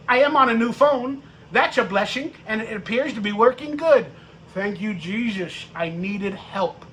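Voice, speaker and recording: A man hosting a live-stream fan rant about football, profane and mocking, with bursts of shouting. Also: extremely high pitch. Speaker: sports podcast host.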